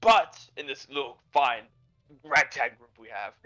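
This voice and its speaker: A man's voice: mid-range voice, animated, unhurried, bright, forceful tone, highs cut off, faint music behind. A man playing in a tabletop game, chatting and joking casually with the group. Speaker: player.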